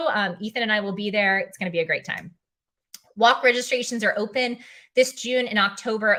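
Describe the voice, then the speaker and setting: A woman's voice: medium pitch, fairly bright tone. A young woman filling in as a livestream host, tired and emotional, heartfelt, saying "um" often and reading viewer comments aloud. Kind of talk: casual livestream chat.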